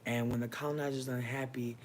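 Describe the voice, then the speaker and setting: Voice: little pitch movement, quick pace. A livestream host holds forth to viewers in a casual but impassioned monologue. The delivery is preachy and profane, with a mid-range voice that climbs sharply when pressing a point. Faint ambient noise sits under the voice. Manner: addresses viewers and chat directly; pitch swings up sharply for emphasis. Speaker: livestream host giving readings.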